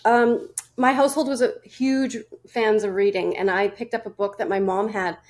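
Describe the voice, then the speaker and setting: A woman's voice: medium pitch, steady tone, moderate pace. A chatty woman in her forties tells her story as a guest on a podcast. She talks loosely, laughs often and restarts her sentences as she goes. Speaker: guest nutrition and fitness coach. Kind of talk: casual interview storytelling.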